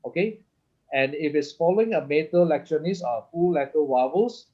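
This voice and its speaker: A man's voice: fairly high pitch, moderate pace. A man teaching a lesson. He explains step by step with many restarts and keeps checking in with "okay?" and "right?". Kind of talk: lesson explaining Hebrew vowel points. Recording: slightly dull lo-fi sound.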